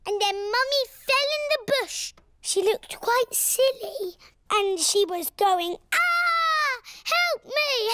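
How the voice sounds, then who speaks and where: A woman's voice: very high-pitched, heavy background noise. A woman voicing a cheerful, bossy little girl pig in a cartoon. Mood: giggly. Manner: bossy and giggly. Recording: cartoon soundtrack with loud music.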